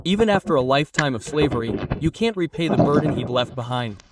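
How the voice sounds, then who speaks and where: A man's voice: on the high side, expressive, fast, few pauses. A man from India giving an emotional sermon to a gathering, impassioned, repeating his phrases and building to fervent appeals. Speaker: preacher. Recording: distant mic with loud crowd noise. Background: crowd.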